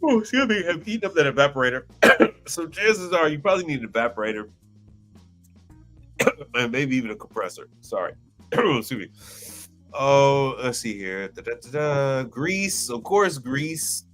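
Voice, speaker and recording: A man hosting a live stream on commercial appliance repair, reading through inspection reports with excitable, theatrical exclamations. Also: mid-range voice, normal speed, long pauses, soft background music.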